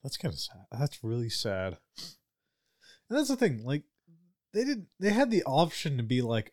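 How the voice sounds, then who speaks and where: A man's voice: medium pitch, huge pitch swings, normal speed, long pauses, darkish tone. A man co-hosting a casual podcast, often hesitating and searching for words. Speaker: podcast co-host.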